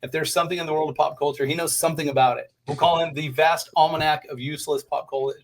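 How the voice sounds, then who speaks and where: A man's voice: a little high, steady tone, quick pace. A man hosting a podcast, giving chatty, upbeat introductions over a video call. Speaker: podcast host. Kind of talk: casual podcast chat.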